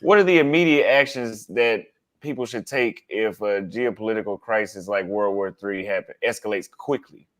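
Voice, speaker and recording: A man hosting a podcast, asking casual interview questions in a relaxed, loose way. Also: lowish voice, normal speed. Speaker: podcast host.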